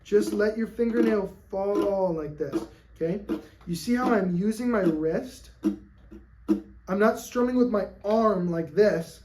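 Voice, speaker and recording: A mellow, mid-pitched voice of a ukulele teacher filming a lesson. The teacher talks patiently and kindly, tags almost every instruction with "okay?" and counts the beat out loud while strumming along. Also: slight background noise. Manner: friendly, checks in with "okay?" constantly. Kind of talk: on-camera music lesson.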